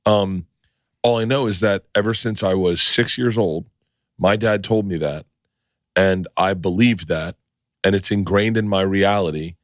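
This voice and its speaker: Rambling, excitable man with a low voice. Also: unhurried, dry recording, clean studio sound. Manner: rambling, excitable, swears freely. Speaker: podcast host. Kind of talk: casual podcast chat.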